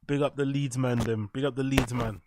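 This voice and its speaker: A young English man with an English accent, chatting casually and profanely on a live stream, joking and giving viewers shout-outs. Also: mid-range voice, fairly even intonation, fairly quick, noisy background. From England. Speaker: reaction streamer.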